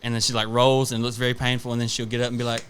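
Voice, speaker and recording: Cussing podcast co-host. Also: male voice, medium pitch, completely flat delivery, rapid-fire, a bit bright, a little hiss or hum. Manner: profane, rambling storyteller who acts out family anecdotes. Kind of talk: casual podcast chat.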